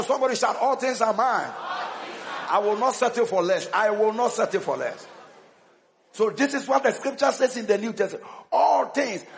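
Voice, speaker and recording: A bishop preaching with a high voice that rises and falls animatedly. He hammers his points home through repetition and calls on the congregation to answer back. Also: fairly bright tone. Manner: emphatic call-and-response preaching with repetition. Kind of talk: sermon.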